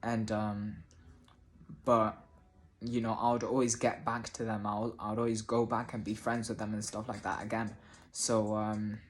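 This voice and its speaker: A man's voice: fairly low pitch, monotone, moderate pace. Hesitant man telling a personal story. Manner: hesitant, many restarts and fillers, casual swearing. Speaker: vlogger.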